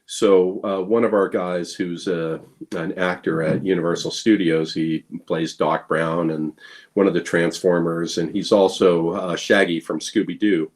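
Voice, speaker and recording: A guest blacksmith tells casual anecdotes in a playful storytelling chat, full of fillers and restarts, acting out quoted lines. His voice is deep and steady, with a measured pace.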